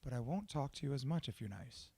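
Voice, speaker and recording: A young man hosting a podcast, talking in a casual, profane, animated and self-mocking monologue. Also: medium pitch, quick pace. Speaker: podcast host.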